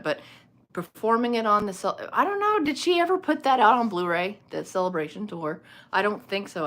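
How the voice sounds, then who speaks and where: Woman, low voice, casual rambling livestream host on her phone, laughs easily. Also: a bit bright. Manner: rambling, chatty, laughs often. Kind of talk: casual livestream chat with viewers. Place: home room lit by a small ring light.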